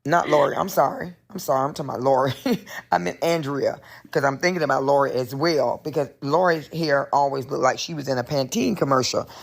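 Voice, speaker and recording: A woman with a thick Southern Georgia accent calls in with an emphatic, animated message. Her voice carries a gravelly fry. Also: extremely low pitch, brisk. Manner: animated, emphatic, goes off on tangents. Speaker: caller leaving a voice message. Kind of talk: recorded voice message, casual rant.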